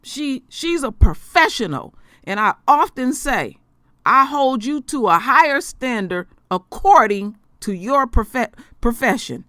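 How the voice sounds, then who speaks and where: A woman's voice: fairly high pitch, very animated, a little slow, bright, forceful tone, dry recording, studio quality. A woman vlogger giving emotional commentary in a blunt, emphatic way, swearing freely.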